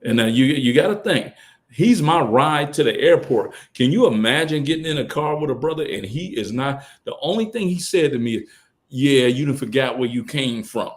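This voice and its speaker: A middle-aged man speaking as a podcast guest, telling colloquial stories, acting out other people's lines, and swinging from loud bursts to hushed asides. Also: fairly high pitch, animated, a little fast. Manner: colloquial, quotes others in character. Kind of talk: casual storytelling on a podcast.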